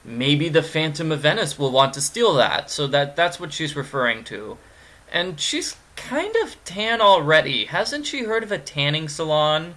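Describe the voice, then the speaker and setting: A man's voice: a little high, sing-song, unhurried, pushed and bright. A man giving gameplay commentary, rambling and cracking goofy jokes. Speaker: let's player.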